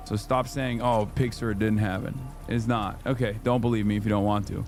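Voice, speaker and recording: A man in his thirties telling a story on his livestream, casual, profane and animated, jumping into high-pitched quoted voices. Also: a little fast, hardly any pauses, soft background music. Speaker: streamer.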